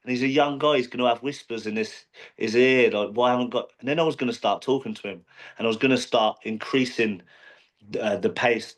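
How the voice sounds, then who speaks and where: Speaking at an ordinary mid pitch with a slightly bright tone, a professional boxer talks in a casual interview. He wanders through his story, full of fillers and restarts, in a plain, conversational way.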